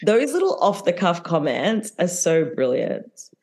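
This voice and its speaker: A woman's voice: fairly low pitch, big pitch swings, measured pace, creaky, a little mellow. A woman, co-hosting a podcast and chatting casually about reality TV, full of fillers and laughs. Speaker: podcast co-host. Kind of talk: casual chat recapping reality TV.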